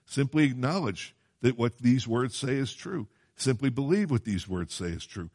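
A man's voice: mid-range voice, animated, normal speed, darkish tone. A man preaching a Bible sermon in a conversational way, often asking his listeners questions and quoting scripture in old-fashioned wording. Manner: conversational, asks the congregation questions.

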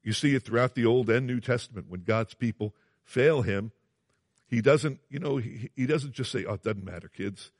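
A man's voice: mid-range voice, normal speed, dry recording, clean studio sound. A man preaching a sermon, earnest and emphatic, repeating phrases and asking his listeners questions.

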